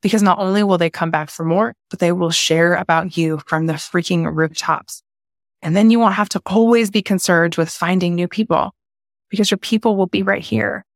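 A woman's voice: lowish voice, dry recording. Passionate, candid woman podcaster, dry sound. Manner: passionate, candid, swears casually. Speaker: podcast host. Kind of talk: solo podcast talk.

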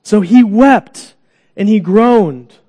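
A man preaching a sermon to a congregation in a church, animated, acting out groans and cries, coaxing children up for an illustration. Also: sits high, slow, in a large hall. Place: church sanctuary.

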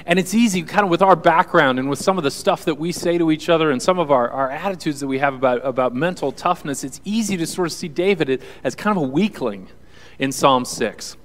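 A man's voice: fairly high pitch, a little fast, in a large hall. A male pastor preaching a sermon to a congregation in an earnest, conversational way. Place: church hall with audience.

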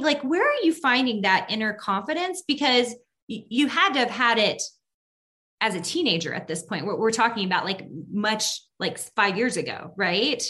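A woman hosting an interview, asking questions in an animated way with lots of filler words. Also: fairly high pitch. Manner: animated, peppered with "like". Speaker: podcast host.

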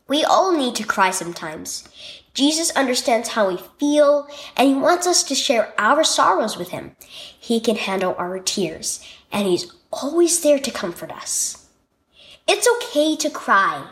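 A woman reading a children's devotional story aloud in a gentle, expressive storytelling way. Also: a little high. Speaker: devotional reader.

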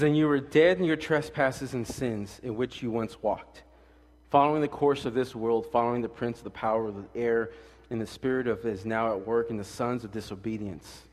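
A man preaching a casual, joking sermon as pastor, acting out quick voices to make his points. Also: medium pitch. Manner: animated, jokey, acts out quick voices. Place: church sanctuary. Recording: church hall with long reverb.

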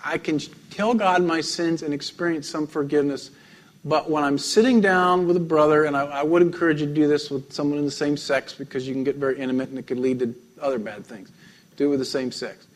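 A man, a pastor, preaching a sermon, telling stories with frequent light laughs and drops to a soft, intimate tone. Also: fairly high pitch, a little fast.

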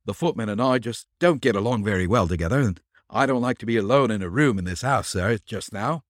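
A man's voice: medium pitch, sing-song, moderate pace, dry recording, clean studio sound. Shrewd detective posing as a servant, read by a man, twangy and deferential. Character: shrewd male detective posing as a Yankee coachman.

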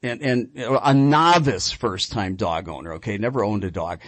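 A man hosting a radio talk show about dogs, telling a rambling, lively story with frequent restarts. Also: lowish voice, normal speed, no echo. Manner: lively, rambling anecdote with repeated words. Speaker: radio show host and dog trainer.

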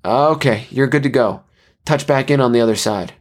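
A man voicing a brisk male radio operator who speaks in crisp radio procedure. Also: mid-range voice, voice pushed up, close to an everyday voice. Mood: calm.

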